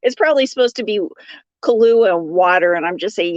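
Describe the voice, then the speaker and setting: A woman's voice: mid-range voice, a little fast, darkish tone, no echo. A woman hosting a casual crochet livestream, chatting and laughing as she greets viewers by name and reads their comments. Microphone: phone. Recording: dull lo-fi sound.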